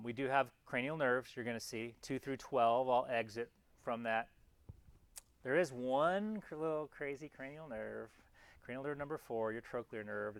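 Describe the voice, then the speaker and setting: A man's voice: mid-range voice, vocal fry. A man giving a classroom anatomy lecture in a casual, chatty way, often restarting mid-phrase and pointing out parts on slides as he goes. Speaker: anatomy instructor.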